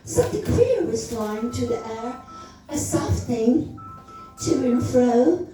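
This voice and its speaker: A woman's voice: fairly high pitch, very animated, takes it slowly, mellow, soft background music. A woman storyteller giving a dramatic literary reading at a live club event, lingering over the words with a savouring, teasing delivery. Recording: very echoey room, voice far from the mic.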